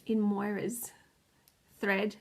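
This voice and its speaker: A woman's voice: mid-range voice, flat delivery, very slow, creaky, darkish tone. A tired, stressed woman hosting a knitting video podcast. She rambles, loses her words and laughs often. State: tired and stressed, close to tears. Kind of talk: casual chat.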